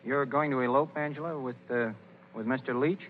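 An actor playing a good-natured husband who speaks in a halting, hesitant way, in 1930s radio acting on an old broadcast. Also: male voice, medium pitch, steady tone, big-room sound, phone-quality sound, a little hiss or hum, natural voice.

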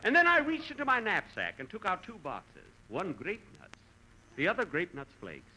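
A man's voice: high-pitched, wildly swooping pitch, normal speed, pushed and bright, slight background noise, rough recording. Man hosting a 1940s radio comedy. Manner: dry, put-upon comic timing; mock-dramatic storytelling. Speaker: comedy show host.

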